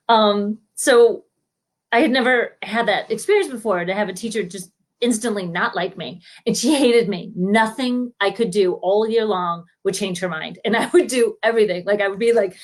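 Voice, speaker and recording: A woman tells funny stories from her own life, live from home over a laptop mic. Her telling is lively and full of laughter, and she slips into small voices for the people in her tales. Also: medium pitch, moderate pace. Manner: animated, laughs often, acts out quoted voices. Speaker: storyteller. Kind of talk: spontaneous comic storytelling.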